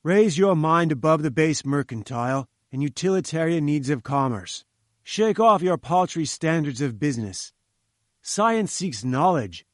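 A man's voice: a little high, expressive, unhurried, no room sound, studio quality. A man voicing an imperious, scornful older male scientist who talks in curt commands, in an audiobook reading. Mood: angry.

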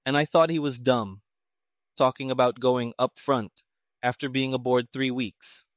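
A man's voice: medium pitch, steady tone, measured pace, no room sound, close to an everyday voice. A short-tempered army colonel grumbles and mutters, voiced by a male reader. The recording is dry and close-miked. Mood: gruff. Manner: gruff, muttering.

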